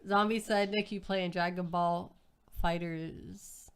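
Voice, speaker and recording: A young adult woman co-hosting a casual livestream, reading out viewer comments with quick asides of her own. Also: lowish voice, steady tone, a little hiss or hum. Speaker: co-host reading viewer chat. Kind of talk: casual live-stream chat.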